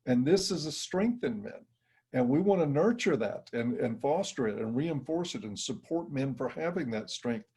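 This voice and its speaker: A man's voice: mid-range voice, animated, normal speed, mellow, breathy edge. A middle-aged man giving an emphatic, blunt interview answer. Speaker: interview guest. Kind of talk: interview conversation.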